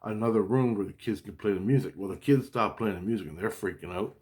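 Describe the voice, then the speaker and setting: A man telling a personal story in a casual, rambling monologue, excitable and profane, repeating his exclamations. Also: lowish voice, quick pace.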